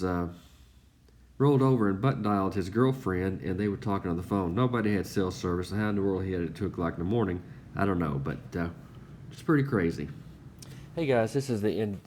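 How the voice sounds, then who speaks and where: A man's voice: lowish voice, a little mellow. A man, easygoing and full of fillers, telling trail stories as a casual voice-over recap. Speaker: thru-hiker vlogger.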